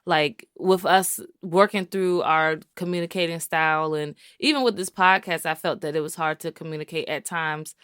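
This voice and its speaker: A woman with a somewhat low voice speaks earnestly and with animation, often filling her sentences with "like" and "you know". The sound is close and dry. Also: normal speed, hardly any pauses, fairly bright tone, smooth, no room sound. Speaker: podcast co-host. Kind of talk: casual chat.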